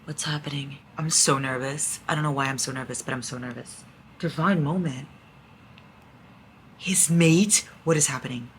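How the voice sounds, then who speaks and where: A young woman talking excitedly in a casual reading vlog, gushing and swearing as she reacts to a book. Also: very deep voice, normal speed, slight background noise. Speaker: book vlogger.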